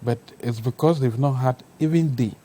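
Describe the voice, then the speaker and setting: A man's voice: mid-range voice, moderate pace, dark tone, low-quality recording. A man, a TV panel guest arguing his case step by step. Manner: argumentative, builds points step by step. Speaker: panel guest, civil society voice. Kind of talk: studio debate. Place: TV studio.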